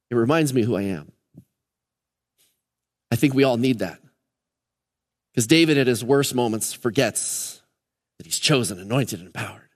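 A man preaching a Sunday sermon as pastor, earnest and emphatic, hammering key words in threes. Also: medium pitch. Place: church sanctuary during a service. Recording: long reverb of a church hall.

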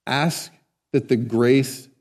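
A man's voice: mid-range voice, fairly even intonation, very slow, darkish tone. A man preaching a sermon in a conversational way, often asking the congregation questions. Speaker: pastor. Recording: long hall reverb.

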